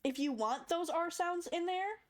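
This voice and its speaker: A woman's voice: very high voice, normal speed. A young woman casually walking through a step-by-step tutorial, chatty and demonstrating sounds as she goes. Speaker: tutorial maker. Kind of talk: casual screen-recorded tutorial.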